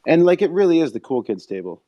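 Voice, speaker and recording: A man's voice: a little high, quick pace, highs cut off. A man co-hosting a casual podcast chat, rambling and profane as he tells stories. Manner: rambling, profane, animated storytelling. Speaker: podcast co-host.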